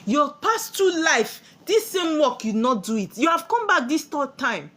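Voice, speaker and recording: A woman's voice: high-pitched, very animated, a little slow, sharp tone. A woman with a Nigerian accent giving a spiritual sermon, preachy and full of rhetorical questions she answers herself. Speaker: spiritual teacher.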